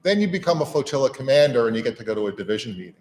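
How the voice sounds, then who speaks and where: A man's voice: medium pitch, lively intonation, racing, a little mellow. Middle-aged man, informal speech, easygoing and folksy, repeats himself, speaks to a live room. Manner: conversational and folksy, repeats words, many "you know"s. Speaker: national auxiliary leader giving a speech. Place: meeting room with an audience.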